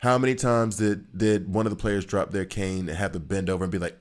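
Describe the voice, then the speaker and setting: A man's voice: deep voice, steady tone, brisk. A man giving casual, rambling commentary while playing a video game, joking and repeating himself for emphasis. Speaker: gaming streamer.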